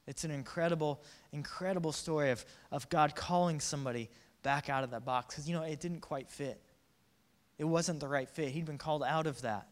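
Casual joking preacher in a big hall. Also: male voice, on the high side, a little fast. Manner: energetic, joking, acts out quotes in voices. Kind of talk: casual sermon. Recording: reverberant hall.

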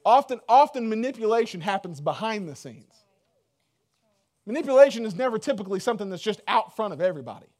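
Man, pastor, sermon, high voice, conversational, joking, filler-heavy. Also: sing-song, fast talker, a little mellow.

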